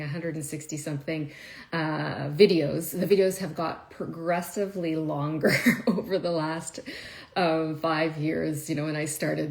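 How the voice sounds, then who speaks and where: A woman chatting casually to viewers on a live stream, emotional and laughing often, with many fillers. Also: low voice. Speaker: wine video creator.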